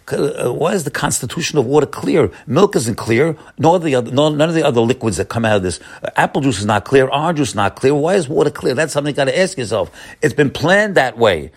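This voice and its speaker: A man giving an informal Torah lesson as a rabbi, repeating words often, rising for emphasis and then dropping low. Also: slightly rough.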